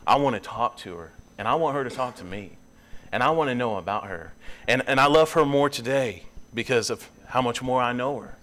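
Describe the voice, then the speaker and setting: A young man preaching in a church, earnest, his voice climbing high and loud when he presses a point. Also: a little fast. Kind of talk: sermon. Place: church sanctuary.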